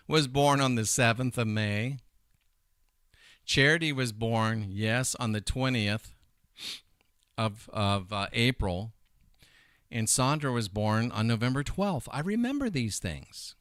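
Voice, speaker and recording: A middle-aged man hosting a casual commentary show, talking in an animated, emphatic way and wandering off into side points. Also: medium pitch, takes it slowly, long pauses, clean tone, no echo, clean studio sound. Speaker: host.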